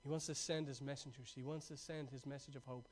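A man preaching a sermon, moving from lively, laughing stories to quiet, urgent exhortation. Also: mid-range voice, fast, a little hiss or hum. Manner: swings from excited, laughing storytelling to hushed, urgent exhortation.

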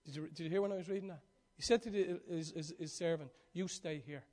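A man delivering a sermon in a high voice. He urges his listeners loudly, then sinks to soft, intimate near-whispers. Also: fast talker. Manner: animated, swings from loud urging to hushed near-whisper. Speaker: preacher.

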